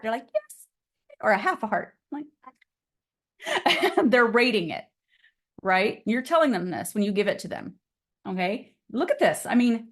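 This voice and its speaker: A woman teaching a casual live online class on real estate, chatty and upbeat and often laughing, on a computer mic over a video call. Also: a little high.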